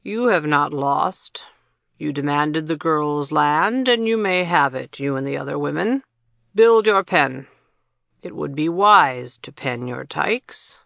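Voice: mid-range voice, animated, slow, gravelly, a bit bright, no echo, clean studio sound, heavily acted. A storybook narrator voicing a stern male chief guardian who speaks firmly and with authority. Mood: commanding. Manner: firm, authoritative.

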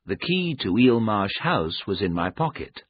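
A man reading a story aloud in a measured, deliberate narration. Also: lowish voice, sing-song, husky. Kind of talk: scripted audiobook narration. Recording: narrow phone-like audio.

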